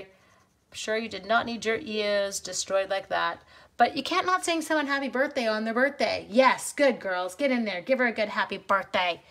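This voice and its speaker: A woman's voice: mid-range voice, creaky, fairly bright tone. A woman, chatting casually as she hosts a craft demo and talks to viewers between steps. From Canada. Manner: chatty, giggly, with asides to viewers. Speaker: craft demonstrator and host.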